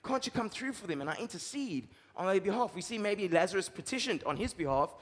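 A man pastor preaching a sermon, swinging between loud emphasis and low, quiet lines. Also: lively intonation, fast talker, big-room sound.

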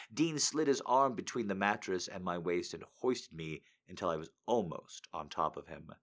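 A man hosting a live show, reading romance excerpts aloud in a deliberate, sensual manner that dips toward a near-whisper. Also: fairly low pitch, a bit bright. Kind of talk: dramatic reading on a live stream.

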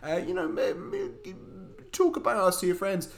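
A young man co-hosting a film podcast, delivering jokey mock-preachy rants with deadpan asides. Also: sits high, moderate pace, creaky. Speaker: podcast co-host. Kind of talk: casual film podcast chat.

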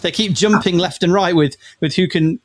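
A man's voice: sits high, moderate pace. A man co-hosting a live audio chat show, chatty and rambling with lots of fillers and restarts. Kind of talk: casual chat.

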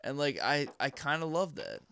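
A man's voice: on the high side, wildly swooping pitch, normal speed, creaky, sharp tone, clean tone. Slangy young man rambling casually. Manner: rambling, slangy, lots of "like" and "dude". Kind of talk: casual podcast chat.

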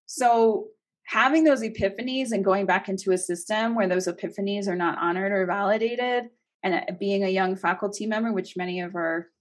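An impassioned woman talking on a podcast interview. She presses her points hard and keeps firing rhetorical questions. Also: mid-range voice. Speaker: guest, education consultant.

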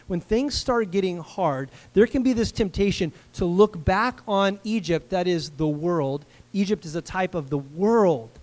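A male pastor delivers a sermon in a casual, animated way, tossing questions and asides to the congregation. His voice sits high for a man. The sound rings with the long reverb of a church hall.

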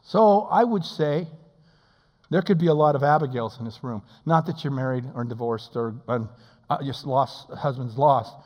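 A male pastor preaching a sermon in a church. He swings between shouting and hushed, intimate tones and acts out quotes in playful voices. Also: medium pitch, normal speed, long reverb tail, muffled recording.

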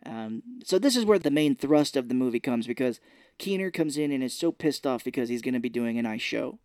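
A man co-hosting a podcast, retelling a film scene by scene in casual chat and slipping into quick voices for the characters. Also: mid-range voice, animated, a little mellow, dry recording, studio quality. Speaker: podcast co-host. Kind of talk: casual movie recap chat. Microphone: podcast microphone.

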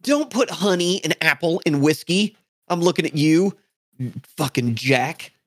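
A man's voice: a little high, expressive, a little slow, a bit bright, dry recording, clean studio sound. A man co-hosting a podcast, bantering in a profane, mock-outraged way. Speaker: podcast co-host. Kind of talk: casual banter.

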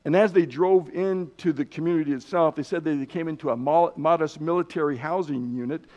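A man teaching a Bible lesson in a sermon style, telling stories earnestly and slowing down on key words. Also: a little high, a little mellow. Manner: earnest storytelling, slows down for emphasis. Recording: dull lo-fi recording.

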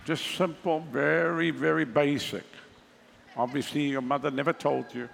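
Male pastor, fairly high, gravelly voice, sermon with sarcastic asides, long hall reverb. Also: fairly even intonation, moderate pace, a bit bright, slight background noise. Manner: conversational preaching, mocking asides.

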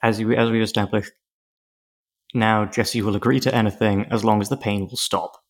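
A man's voice: fairly low pitch, steady tone, normal speed. A man co-hosting a podcast, chatting casually with dry, rambling asides. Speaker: podcast co-host. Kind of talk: casual chat.

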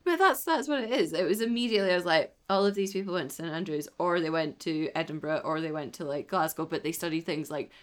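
A woman's voice: sits low, fast, few pauses. A young woman co-hosting a podcast in casual chat, laughing often and ranting in exasperation. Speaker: podcast co-host. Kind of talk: casual chat reviewing a film.

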